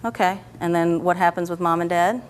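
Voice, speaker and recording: A woman with a slightly low voice leads a guided therapy session, coaxing her client along with soft questions and frequent check-ins. A faint hiss sits under the recording. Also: fairly quick. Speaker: EFT practitioner.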